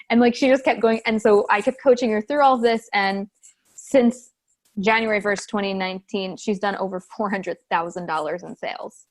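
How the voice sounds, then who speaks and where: A woman's voice: mid-range voice, moderate pace. A woman in her thirties, a business coach, talking casually as a podcast guest and acting out the voices of the people she quotes. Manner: animated storytelling, acts out quoted voices.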